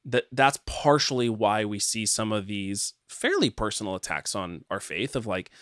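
A man's voice: lowish voice, sing-song, moderate pace, a bit bright, dry recording. Reflective man thinking aloud, dry mic. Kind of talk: casual faith discussion.

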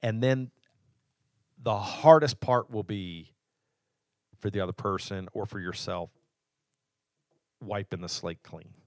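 A man's voice: on the low side, slow, pauses often, darkish tone, no room sound, clean studio sound. A man co-hosting a faith podcast, explaining earnestly and reflectively, often restarting his sentences. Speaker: podcast co-host. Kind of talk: casual faith discussion.

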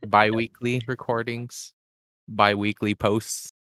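A man's voice: fairly low pitch, flat delivery, slow, bright, forceful tone, smooth, no room sound, studio quality. A man co-hosting a casual podcast in a laid-back, easygoing way. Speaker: podcast co-host.

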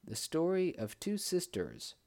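A man narrating a fairy tale in a slow, deliberate reading style. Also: on the high side, huge pitch swings, vocal fry, a little mellow. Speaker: storyteller. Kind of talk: storybook narration.

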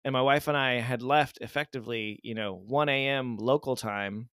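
A man co-hosting a podcast, talking in a loose, rambling way with lots of jokes and jabs at himself. His pitch sits in the middle of the usual range for a man. The sound is dry and close, with no room echo. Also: moderate pace, fairly bright tone, clean tone. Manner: rambling, joking storyteller; self-deprecating. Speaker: podcast co-host. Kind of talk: casual podcast chat.

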